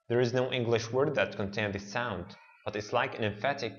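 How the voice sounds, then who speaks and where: A man who speaks Arabic natively, teaching an alphabet lesson in English and sounding out each letter slowly and deliberately. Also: lowish voice, steady tone, lo-fi sound. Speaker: language teacher.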